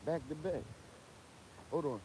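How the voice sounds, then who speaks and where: A man's voice: a little high, measured pace, background noise. A young man, ranting bluntly and profanely in a casual livestream, coughing from a cold. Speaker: livestream host.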